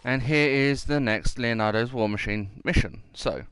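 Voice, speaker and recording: A man's voice: medium pitch, moderate pace, a bit bright, a little hiss or hum. A man giving casual, rambling gameplay commentary and reading mission text aloud.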